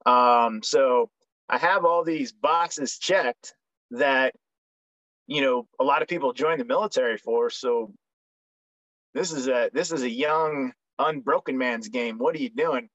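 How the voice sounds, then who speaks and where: A man's voice: mid-range voice, unhurried, a bit bright, no echo. A young man, a military veteran guest, telling his story in a frank, joking way with many ums and restarts. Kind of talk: casual storytelling interview. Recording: dry, slightly dull recording.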